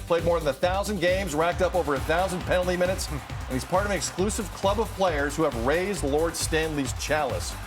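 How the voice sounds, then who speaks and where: Brisk morning show host over music. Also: male voice, a little high. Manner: brisk, upbeat presenter. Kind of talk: casual banter and show links. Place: TV studio.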